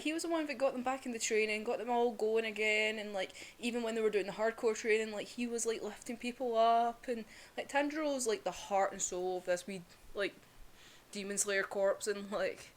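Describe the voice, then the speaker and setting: A young woman giving a casual, emotional review of a manga, chatty, full of "like" and the odd swear word. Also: fairly high pitch.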